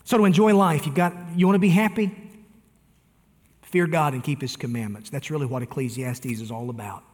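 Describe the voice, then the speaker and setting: A man's voice: a little high, brisk, darkish tone, big-room sound. A man preaching a sermon, talking earnestly and appealing directly to his listeners. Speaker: pastor.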